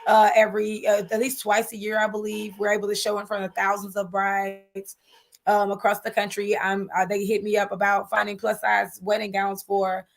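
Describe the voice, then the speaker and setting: A woman guest in an interview, telling her business story in a lively, chatty way, calling people "honey" and using many fillers. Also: medium pitch, moderate pace, creaky. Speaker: guest entrepreneur. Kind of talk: animated interview talk.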